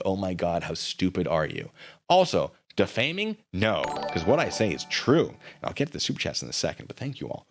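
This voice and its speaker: A man's voice: moderate pace, soft background music. Sarcastic man hosting a livestream. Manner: mocking, sarcastic; lively, swinging pitch. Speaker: livestream host. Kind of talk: livestream commentary.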